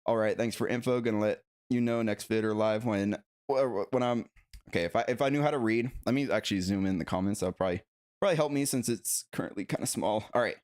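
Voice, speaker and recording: A man hosting a casual live stream about collectible figures, reading viewer comments aloud and rambling excitedly, with many fillers and self-corrections. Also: on the low side, fast talker. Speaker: collectibles channel host.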